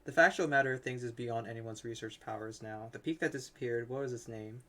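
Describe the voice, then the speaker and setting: A man voicing a boatman who calmly recounts old legends, read from a game. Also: medium pitch, fairly quick, lightly acted. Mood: wistful.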